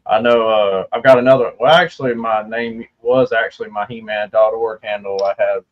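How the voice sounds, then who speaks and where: A man with a lowish voice, joining a livestream as a guest over dull, lo-fi call audio. He speaks humbly and hesitantly, with plenty of uhs. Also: fairly even intonation, normal speed. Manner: humble, hesitant, many fillers. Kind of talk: casual livestream chat.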